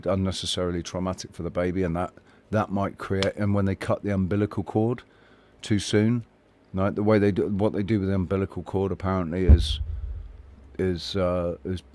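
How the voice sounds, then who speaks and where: A man musing haltingly in a casual podcast chat, often searching for words. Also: sits low, darkish tone.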